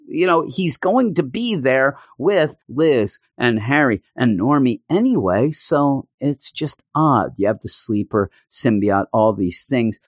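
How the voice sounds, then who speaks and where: Man, podcast host, solo comic review, lively pitch, incredulous ranting, dry close sound. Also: no room sound.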